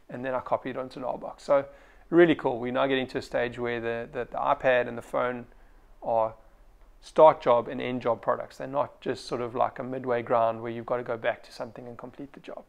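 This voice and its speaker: A South African photographer with a gravelly, medium-pitched voice talks through a product review casually, with lots of ums and restarts.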